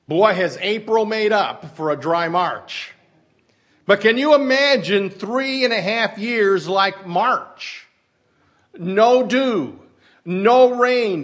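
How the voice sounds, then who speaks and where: A man's voice: sits high, a bit bright. A man preaching a sermon, reading scripture and putting folksy rhetorical questions to his listeners. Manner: reads scripture in a slow, emphatic cadence. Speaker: pastor.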